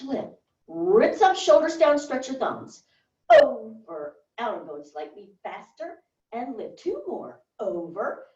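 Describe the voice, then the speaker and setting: A woman fitness instructor calls out brief, encouraging cues in a high, lively voice. She paces the counts slowly, and she sounds set back from the mic in a roomy exercise studio with a dull recording. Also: recorded from a distance. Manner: encouraging, gives short counted movement cues. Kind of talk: guided workout cueing.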